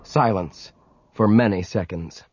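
A man narrating an audiobook with measured, dramatic storytelling. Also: on the low side, darkish tone, dull audio, slight background noise. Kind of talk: scripted narration.

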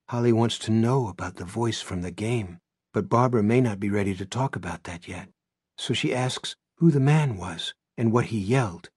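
A man narrating an audiobook in a measured, low-key way. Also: darkish tone, husky, dry recording, studio quality. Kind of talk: scripted narration.

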